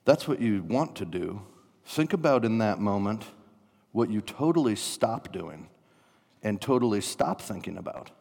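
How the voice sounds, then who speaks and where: A man preaching a sermon, animated, acting out panicked inner voices. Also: fairly low pitch, unhurried, creaky, slightly rough. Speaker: pastor. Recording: long reverb of a large hall.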